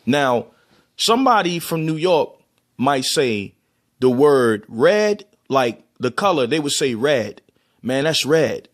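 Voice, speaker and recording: A man's voice: a little high, sing-song, slow. A man from Baltimore with a Baltimore accent, casually explaining and demonstrating how words are pronounced, with loose restarts. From Baltimore, USA. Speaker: vlogger.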